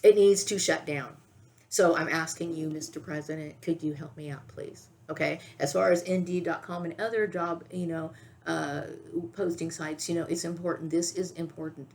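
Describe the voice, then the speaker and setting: A middle-aged woman talks straight to her camera in a rambling, worked-up vlog. Her voice sits fairly low and has a gravelly, fry-laden texture. She circles back on herself and keeps pressing her point with "okay?". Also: fairly even intonation, moderate pace, a little mellow, slight background noise. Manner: agitated, repetitive, keeps asking "okay?". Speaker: vlogger. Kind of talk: rambling direct-to-camera monologue.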